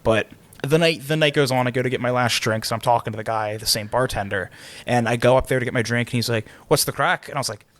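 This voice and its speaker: A man co-hosting a podcast, telling travel stories in a casual, animated way and laughing as he acts out quotes. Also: mid-range voice, quick pace, no room sound. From Pennsylvania, United States. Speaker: podcast co-host. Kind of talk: casual storytelling chat.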